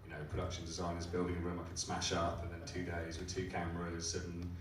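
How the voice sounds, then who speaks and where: A man's voice: low voice, completely flat delivery, fast talker. A man answering questions as a film director at a live festival Q&A, rambling with many restarts and growing enthusiastic. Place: cinema or hall at a live screening Q&A. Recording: echoey hall, mic from far off, faint noise.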